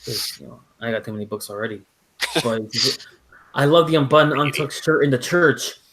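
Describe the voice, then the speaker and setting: A man's voice: mid-range voice, a little fast, a crowd in the background, rough recording. Rambling man hosting a casual stream. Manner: rambling, full of fillers and restarts. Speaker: host. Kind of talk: casual chat on a live stream.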